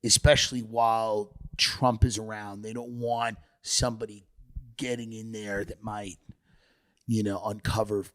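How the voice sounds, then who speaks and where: A man chatting casually on a comedy podcast, telling animated stories and mimicking people in a raised voice. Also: on the low side, unhurried, no room sound.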